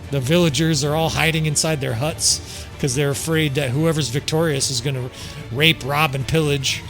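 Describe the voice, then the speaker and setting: Guy with a higherish voice cracking jokes and cursing while he narrates his game. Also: fairly even intonation, normal speed, music in the background. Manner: joking, profane, chuckles often. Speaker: gameplay commentator. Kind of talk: casual strategy game commentary.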